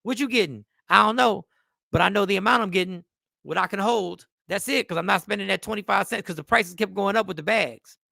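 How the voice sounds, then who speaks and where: A middle-aged man hosts a loose, profane comedy talk show, riffing and reading comments aloud. His voice is high, with a gravelly edge and a bright, forceful ring. It is recorded close and dry. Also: brisk, dry recording. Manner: animated, joking, swearing, reads chat comments aloud. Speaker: host.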